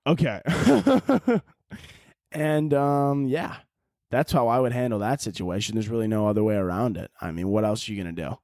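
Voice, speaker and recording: A man hosting a solo podcast, rambling through a crude, profane comedic monologue with animated swings in his delivery. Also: mid-range voice, normal speed, no echo, clean studio sound. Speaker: podcast host.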